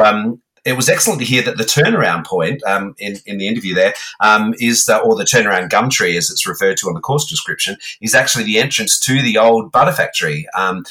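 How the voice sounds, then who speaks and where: An Australian man co-hosting a podcast, talking casually and haltingly with many ums and restarts. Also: lowish voice, fairly bright tone. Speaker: guest co-host.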